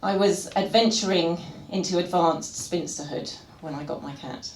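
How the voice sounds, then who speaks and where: A woman's voice: fairly low pitch, moderate pace, a little mellow. A woman doing a live stand-up set in a comedy venue, wry and full of puns, chatting with the audience. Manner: wry, pun-heavy, chats with the audience. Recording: echoey venue with crowd noise.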